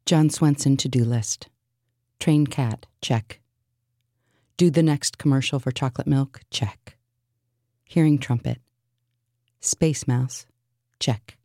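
Very low, slow, deadpan woman. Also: dry recording, studio quality. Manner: deadpan, absurd, listing. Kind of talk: surreal spoken word list.

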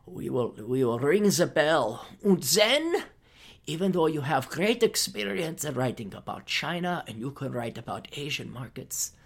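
A man's voice: a little high, very animated, unhurried, creaky, exaggerated voice. A man mockingly voicing a smug, scheming male handler who brainwashes a recruit. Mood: mock-sinister.

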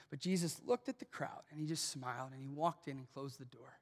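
A man preaching a sermon as pastor in a church, swinging from hushed lines to shouted peaks. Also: medium pitch, fairly quick, hardly any pauses, long reverb tail. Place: church auditorium.

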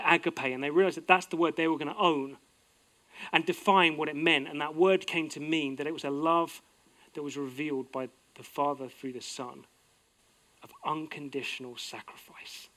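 Earnest middle-aged man preaching, higher-pitched. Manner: earnest, swings from bright emphasis to soft, low intimacy. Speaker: pastor. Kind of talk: sermon.

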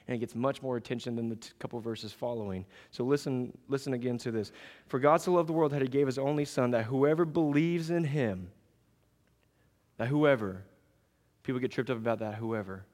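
A man preaching a sermon, measured at times and raised and emphatic at others. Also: medium pitch, a little mellow. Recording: long reverb of a large hall.

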